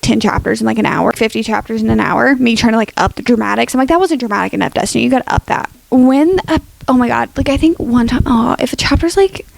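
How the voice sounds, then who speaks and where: A woman's voice: a little high, vocal fry, no room sound. A young woman casually vlogging her opinions, chatty and dramatic with lots of filler words. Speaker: book YouTuber.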